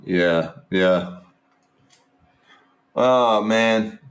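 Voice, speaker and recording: Aussie guy, kinda low voice, rambly live stream commentary, keeps restarting what he's saying. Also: drawn-out words. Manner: rambling, restarts sentences, talks straight to viewers.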